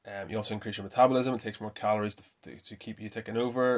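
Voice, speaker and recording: A man hosting a casual fitness talk, chatty and quick to correct himself with a laugh. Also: fairly low pitch, fairly even intonation. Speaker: fitness podcast host. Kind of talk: casual myth-busting talk.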